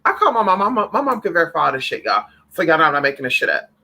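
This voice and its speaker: A man hosting a spiritual livestream, chatting casually with viewers in an animated, profane way, calling them honey and girl. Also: on the high side, very fast, gravelly, rough recording.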